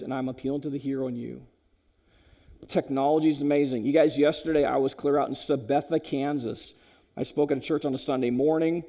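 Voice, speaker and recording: A high-voiced man speaking at a school chapel service. He is animated, dropping to hushed tones for heavy points and rising to loud, punchy bursts. He speaks directly to his listeners. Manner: animated, swinging from loud punchy lines to low hushed ones; addresses listeners directly as "you guys".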